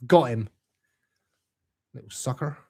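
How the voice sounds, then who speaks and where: A man's voice: mid-range voice, takes it slowly, warm tone. A young man hosting a live stream, chatting casually and reading out viewer comments in a laid-back, matey way.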